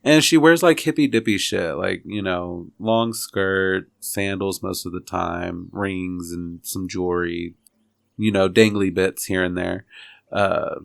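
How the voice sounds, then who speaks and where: A man's voice: low-pitched, unhurried, gravelly, no echo, studio quality. A man from Texas playing a tabletop game, describing things in a laid-back, rambling way. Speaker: player. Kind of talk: tabletop role-play.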